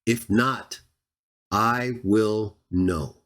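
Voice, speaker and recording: A man's voice: lowish voice, a bit bright. A man hosting a Bible channel, giving combative verse-by-verse scripture commentary, sarcastic and speaking straight at his opponents, stretching out the verses he reads for emphasis. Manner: drawn-out emphatic reading of verses. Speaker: Bible teacher and channel host.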